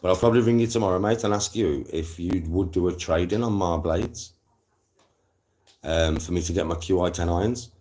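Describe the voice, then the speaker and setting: A young man with a lowish voice rants to his live-stream viewers. He is animated and slangy, swearing freely as he chats. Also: fairly quick. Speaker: livestreamer.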